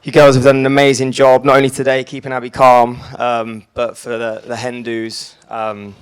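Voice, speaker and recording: A man's voice: mid-range voice, completely flat delivery, normal speed, hardly any pauses, smooth. A young man from England giving a teasing wedding speech as the groom, laughing at his own jokes.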